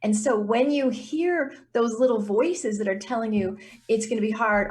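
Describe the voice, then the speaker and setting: Animated woman coach, fairly high voice. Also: moderate pace. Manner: animated, acts out little voices and reactions. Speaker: business coach guest. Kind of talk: casual interview talk.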